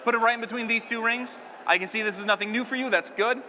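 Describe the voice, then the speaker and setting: High bright-voiced guy doing magic patter on stage, jokey with the crowd, faint noise. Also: steady tone, fast, big-room sound. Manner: joking, playful crowd banter. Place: live stage at a convention.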